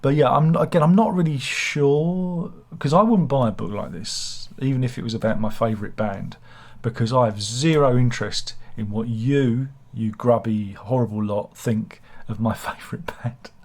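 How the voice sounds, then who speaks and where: A man's voice: medium pitch, normal speed, hardly any pauses, darkish tone. A man, hosting a casual book review channel, rambling with sardonic, self-mocking humor. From England.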